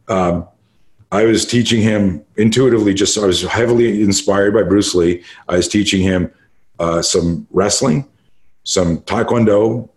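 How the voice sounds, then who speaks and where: Older canadian guy, kinda low voice, cursing and hammering his points on a podcast. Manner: profane, emphatic storyteller. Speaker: martial arts instructor, podcast guest. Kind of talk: conversational interview storytelling.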